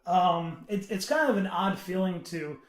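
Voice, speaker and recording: Male podcast panelist, high voice, earnest and halting, in a roomy echoey room. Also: animated. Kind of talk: casual podcast chat. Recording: roomy echo.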